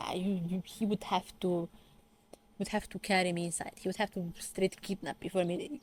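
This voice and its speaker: A woman's voice: on the low side, a little mellow. A woman giving casual, sarcastic reaction commentary on a webtoon, swearing freely and ranting in exasperation.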